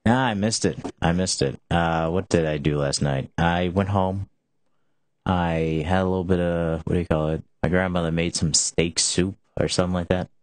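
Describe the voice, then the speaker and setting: A young man with an extremely deep, low voice hosts a casual talk show. He rambles loosely, restarting sentences and leaning on filler words. The sound is dry and close, with no room echo. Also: fairly even intonation, normal speed. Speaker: show host.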